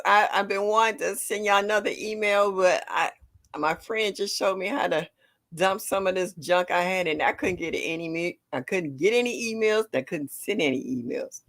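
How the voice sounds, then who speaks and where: An older woman hosting a casual gardening livestream, greeting viewers by name and chatting warmly. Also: medium pitch, moderate pace. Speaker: livestream host.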